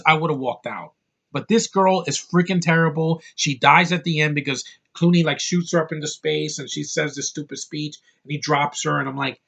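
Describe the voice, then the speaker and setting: A man tears into a film in an angry, profane rant, with sarcastic jabs along the way. His voice sits a little higher than most men's. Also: vocal fry, a bit bright, lo-fi sound. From United States. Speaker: movie reviewer. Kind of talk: ranting film review.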